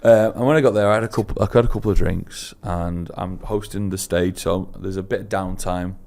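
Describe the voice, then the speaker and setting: A man co-hosting a casual podcast, telling a story with animated embarrassment. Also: deep voice, fairly quick, gravelly. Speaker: podcast co-host.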